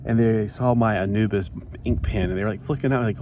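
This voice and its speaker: A man's voice: fairly low pitch, a little fast. A man chatting casually in a rambling, self-interrupting way while he builds a toy set. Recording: steady background noise.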